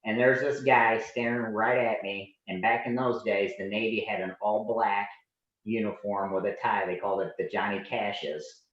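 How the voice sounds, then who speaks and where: A man in his forties, a podcast guest and Navy veteran, telling animated anecdotes in a casual way and acting out the people in them. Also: fairly low pitch, normal speed. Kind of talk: casual storytelling. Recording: roomy, dull lo-fi sound.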